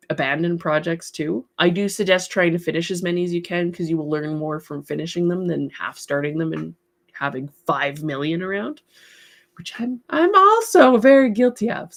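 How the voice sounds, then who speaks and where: Chatty woman hosting an art livestream. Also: fairly low pitch. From part English heritage. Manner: chatty, encouraging, laughs often. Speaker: livestream host, artist. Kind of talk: casual livestream chat, reading viewer comments.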